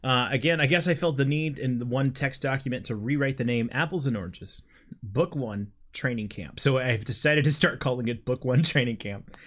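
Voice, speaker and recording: A man's voice: mid-range voice, normal speed, fairly bright tone. A young man hosting a podcast, reading stage directions from his old script in an amused, self-mocking way.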